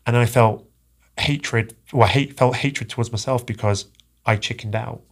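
A man telling a personal story as a podcast guest, halting and earnest, often repeating his words. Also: mid-range voice, fairly even intonation. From England.

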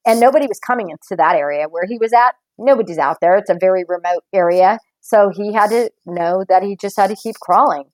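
A woman in casual conversation, an animated storyteller who laughs often. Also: mid-range voice, a little fast, hardly any pauses, no room sound, low-quality recording.

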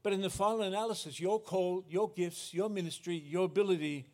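A man's voice: high-pitched, a little fast. A man preaching a sermon as pastor, earnest, often restarting and correcting himself.

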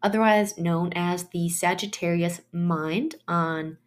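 A woman's voice: fairly low pitch, fairly even intonation, slow pace. A woman hosting her own podcast, explaining astrology in a chatty monologue and telling personal stories in loose, trailing phrases.

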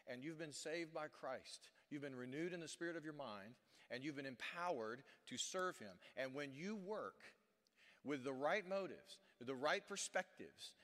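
A man preaching a sermon as pastor, emphatic and preacherly, swinging from loud rhetorical questions to hushed, earnest passages. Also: on the high side. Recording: long reverb of a church hall.

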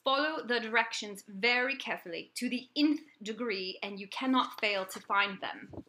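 A cryptic anonymous letter writer speaks in a halting attempt at a British accent, read out by a woman. The voice is bright, and laughs keep breaking through. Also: a little high, slight background noise.

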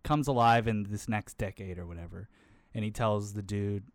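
A man's voice: on the low side, normal speed, no room sound. A young man talking casually and rambling, with many fillers and plenty of swearing. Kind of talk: casual chat.

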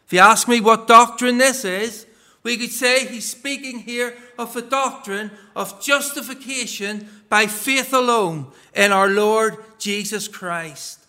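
A man preaching a sermon in a strikingly high, bright voice. He speaks slowly and deliberately, stressing key words as he reads scripture passages aloud and explains them. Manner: measured, emphatic delivery that stresses key words.

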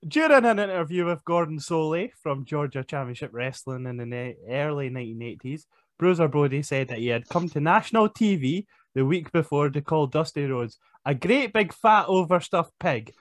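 A man's voice: fairly high pitch, animated, normal speed, no room sound, studio quality. A man hosting a podcast in casual chat, joking and laughing often. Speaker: podcast host.

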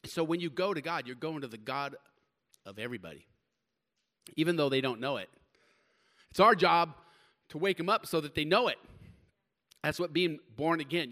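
A man delivering a sermon in a high, bright voice. He preaches emphatically, pushing hard on key words and then dropping low and quiet, mixing scripture with casual slang. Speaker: pastor.

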